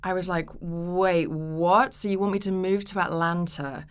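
A woman's voice: on the low side, measured pace, smooth. A woman, telling stories as a guest on a casual podcast interview and acting out the voices she quotes. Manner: animated storytelling, acts out quoted voices. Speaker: actress guest.

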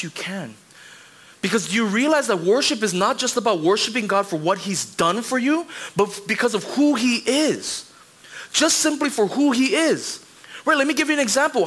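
A man in his thirties preaching a sermon in a church, conversational and animated, with quick asides to the congregation. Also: extremely high pitch, slightly rough. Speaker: pastor. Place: church sanctuary.

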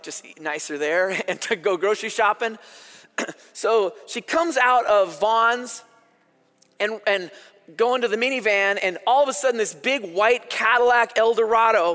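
A man preaches to a congregation, his voice sitting high for a man. He tells stories in an animated, chatty way. The sound carries a long reverb. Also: normal speed. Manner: storytelling, animated and conversational. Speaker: pastor. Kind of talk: sermon.

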